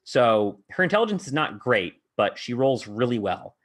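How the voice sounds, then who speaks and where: A man's voice: mid-range voice, big pitch swings, normal speed, a bit bright. A man hosting a podcast, casually recounting a tabletop game session he ran, rambling with many filler words. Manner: rambling, heavy on filler words, laughs often. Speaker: podcast host and game master.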